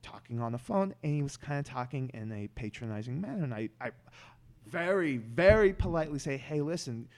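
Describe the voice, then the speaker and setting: A man's voice: medium pitch, animated, brisk. A man talking as a podcast guest in casual chat, rambling with many restarts and stammered words.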